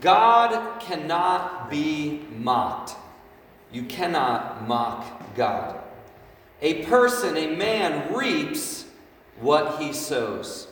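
Echoey, fairly high-voiced man preaching. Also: sing-song, extremely slow, fairly bright tone, slight background noise. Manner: conversational, asks the room frequent "right?" questions. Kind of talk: casual sermon to a youth group. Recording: echoey hall, mic at a distance.

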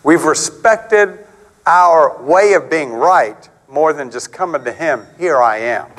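A middle-aged man preaching a sermon in a conversational, animated way, acting out quotes and stories. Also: slow pace, poor audio. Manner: animated, conversational, acts out quotes with big pitch swings.

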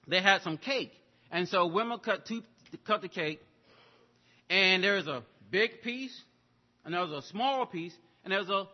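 A man preaching a sermon, telling a story and swinging between loud exclamations and hushed asides. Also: sits high, dull audio. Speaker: pastor.

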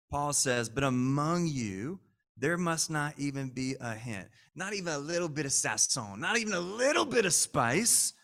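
A man preaching a sermon as pastor of his church, emphatic, sometimes shouting and calling on the congregation to repeat his words. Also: on the high side. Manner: emphatic, rising to shouts at key lines; calls on the congregation to repeat after him.

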